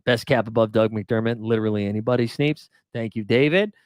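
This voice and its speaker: A man hosting a casual livestream, chatting and reading viewer comments, animated, swinging from mock outrage to mumbled asides. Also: mid-range voice, fairly quick, smooth, dry recording, clean studio sound. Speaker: livestream host.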